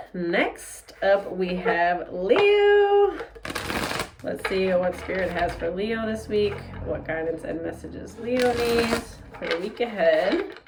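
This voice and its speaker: A woman giving a casual tarot forecast, speaking in a blunt, animated way and swearing freely. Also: medium pitch. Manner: blunt, profane, animated and candid. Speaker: tarot reader.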